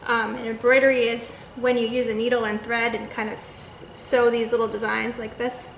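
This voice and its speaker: A woman leading an online story time for children, chatting gently and asking the kids questions. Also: fairly high pitch, level tone, normal speed, vocal fry, echoey room, slight background noise, poor audio. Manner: reads the quacks in a bouncy sing-song. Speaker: children's librarian.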